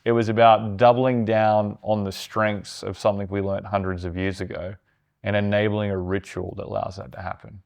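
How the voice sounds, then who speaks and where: A man, a startup founder, telling animated stories in casual conversation, swearing and mimicking others' voices. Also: fairly low pitch, moderate pace, vocal fry. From Australia.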